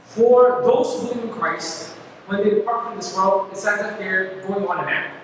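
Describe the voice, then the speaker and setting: A man with a high voice teaches a church group in a loose, rambling way, full of fillers and asides. He is heard from far off in a big, booming hall with a long reverb tail. Steady noise sits under his voice. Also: normal speed. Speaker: youth Bible study teacher. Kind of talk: casual Bible study teaching. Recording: echoey hall from far off, noisy.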